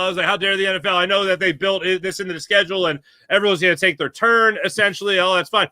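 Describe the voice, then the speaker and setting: A man, a guest on a sports talk show, telling animated stories and acting out quotes. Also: high-pitched, fast, few pauses, no echo. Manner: animated storyteller, acts out quotes. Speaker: guest commentator. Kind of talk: casual sports chat.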